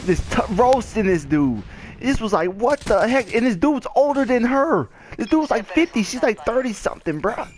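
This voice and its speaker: A man's voice: very high voice, normal speed. A young man casually telling a rambling story over gameplay, acting out the people in it. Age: young adult. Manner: rambling, animated retelling with quoted voices. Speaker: gaming channel host.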